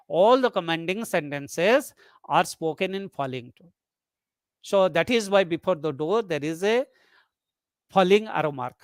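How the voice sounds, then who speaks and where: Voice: mid-range voice, dry recording. A lecturer giving a methodical webinar lecture, restating each point and speaking example sentences aloud to demonstrate them. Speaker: lecturer on English intonation.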